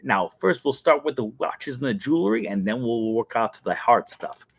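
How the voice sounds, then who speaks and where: A man's voice: medium pitch, animated, normal speed, breathy edge, no echo. A man voicing a tough-talking gangster robber in a theme-park ride, brash and wisecracking.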